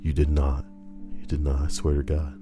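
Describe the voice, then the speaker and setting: A man's voice: a bass voice, monotone, normal speed, music in the background. A young man reading Reddit posts and riffing on them in a crude, joking, rambling way. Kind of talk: casual commentary.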